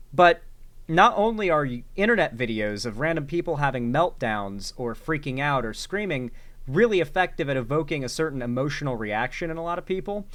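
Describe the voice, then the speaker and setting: A man's voice: medium pitch, a bit bright. A man hosting a reaction commentary show, talking casually and sarcastically with lots of fillers and restarts. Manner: sarcastic, rambling, with filler words. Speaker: commentary host.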